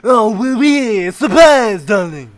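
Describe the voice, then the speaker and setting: Man putting on cheery parents, bad fake French accent, high loud hammy shouts. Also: big pitch swings, slow pace, dry recording, heavily acted. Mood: hammy cheer. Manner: loud, hammy, sing-song exclamations.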